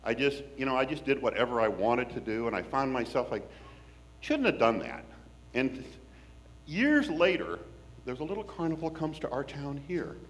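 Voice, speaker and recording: A man from Washington State, telling a personal story in an animated, folksy, wry way. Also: mid-range voice, normal speed.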